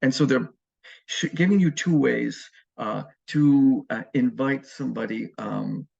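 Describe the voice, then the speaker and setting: Man, Spanish teacher, gravelly husky voice, relaxed lecture full of ums, muffled lo-fi sound. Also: mid-range voice, unhurried. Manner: relaxed, explanatory, frequent ums and uhs. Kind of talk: recorded classroom lecture. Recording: muffled lo-fi recording.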